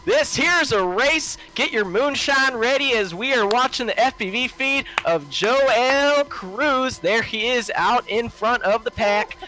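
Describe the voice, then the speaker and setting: A man's voice: very high voice, expressive, unhurried, hardly any pauses, pushed and bright, pitched above the performer's own voice, exaggerated voice, poor audio. A man voicing an over-the-top Southern male race announcer with a folksy, exaggerated drawl. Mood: hammy.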